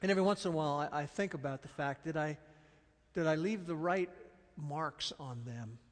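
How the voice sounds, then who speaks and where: A middle-aged man preaching a sermon, animated and storytelling, dropping to soft, slow stresses. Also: a little high. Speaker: pastor. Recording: long reverb of a large hall.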